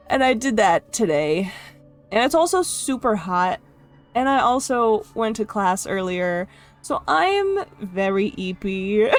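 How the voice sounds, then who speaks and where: Young woman, livestreamer, casual chat, giggly, higher voice, soft music behind. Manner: chatty and giggly, coos at her dog. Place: her room at home.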